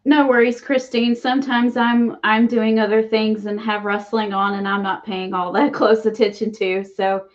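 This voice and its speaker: A woman co-hosting a casual wrestling chat, her voice set a little high. She sounds easygoing and quick to laugh, and her audio is dull and lo-fi. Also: little pitch movement. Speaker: co-host.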